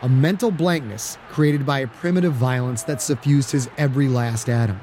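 A man narrating an audiobook in a steady, dramatic storytelling manner. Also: medium pitch, moderate pace, slight background noise. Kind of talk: scripted narration.

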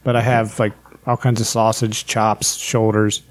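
A man who raises pigs, chatting loosely on a podcast and filling pauses with "like" and "um". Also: lowish voice, flat delivery, no echo. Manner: rambling, hesitant, many fillers. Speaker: podcast guest, pig farmer. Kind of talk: casual podcast chat.

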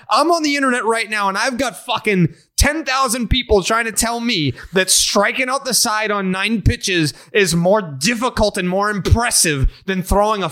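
A man's voice: high-pitched, a bit bright. A man hosting a sports podcast, ranting in a profane, emphatic way during casual chat. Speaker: podcast host.

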